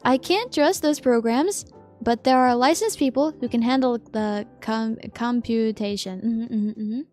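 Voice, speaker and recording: A woman's voice: fairly high pitch, unhurried, darkish tone, soft background music. A sleepy woman streamer chatting casually with her viewers, giggling as she reads their messages aloud and answers them.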